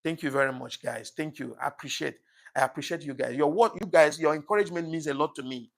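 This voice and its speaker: An emotional livestream host with a fairly high, gravelly voice talks fast as he chats casually and reads viewer comments aloud. He frequently apologizes and thanks his viewers, saying things get to him easily.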